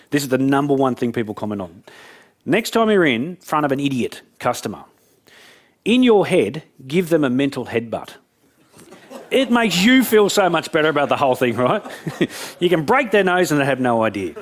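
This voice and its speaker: An Australian man giving a brash, joking motivational business talk to a live audience, acting out conversations as he goes. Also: fairly high pitch. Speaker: business speaker. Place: event room with audience.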